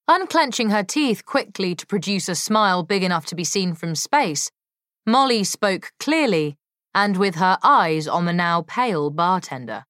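A woman reading a novel aloud as narrator, in an expressive, unhurried way. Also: on the low side, dry recording, clean studio sound. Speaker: audiobook narrator. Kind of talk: scripted narration.

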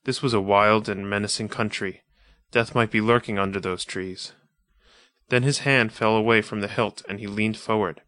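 A man reading an adventure story aloud in a measured, atmospheric manner. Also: on the low side, fairly even intonation, a bit bright, no echo, studio quality. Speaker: audiobook narrator. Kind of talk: scripted narration of a pulp adventure story.

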